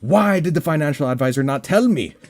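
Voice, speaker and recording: A man's voice: fairly high pitch, lively intonation, fairly quick, a little mellow. A young man giving rambling, joking commentary over his gameplay in a mock-formal, goofy way. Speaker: gaming commentator.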